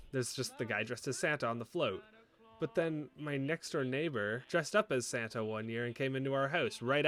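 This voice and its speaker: A man's voice: on the high side, sharp tone. A young man hosting a casual commentary video, rambling and joking with mock-indignant asides.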